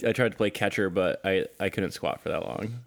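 A man co-hosting a casual podcast chat, talking playfully and rambling with quick asides. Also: deep voice, gravelly. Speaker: podcast co-host.

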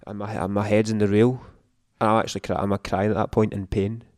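A man's voice: on the low side, little pitch movement, fast, a little mellow, no echo, studio quality. A man, a podcast guest, telling an emotional story in casual chat, swearing often.

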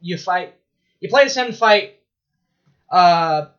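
High-voiced rambling man, lo-fi. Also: slow. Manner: rambling, excitable storytelling with laughs and profanity. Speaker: podcast co-host. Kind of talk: casual chat.

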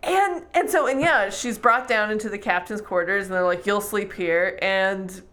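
A woman co-hosting a podcast, recapping a book in casual chat, animated and laughing often. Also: mid-range voice, normal speed. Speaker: podcast co-host.

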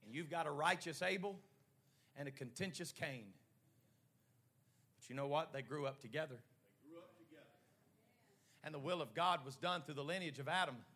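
A man preaching a sermon in short rhythmic phrases that build to shouting. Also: on the high side, moderate pace, pauses often, husky.

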